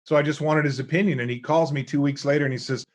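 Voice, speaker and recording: A middle-aged man, a guest author and speaker, telling lively stories in an interview and acting out the people he quotes. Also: fairly high pitch, fast talker. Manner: animated storyteller acting out quoted voices. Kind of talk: storytelling interview chat.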